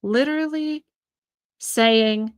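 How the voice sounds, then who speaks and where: A woman's voice: a little high, takes it slowly, clean tone. Indignant woman delivering sarcastic commentary. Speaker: political commentator. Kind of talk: opinionated solo commentary.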